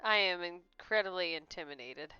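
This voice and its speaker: A woman's voice: on the low side, lively intonation, normal speed, clear, resonant tone, dry recording, lo-fi sound, soft background music. A woman streaming a mystery game, chatting, giggling and reading instructions aloud. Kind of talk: let's play commentary.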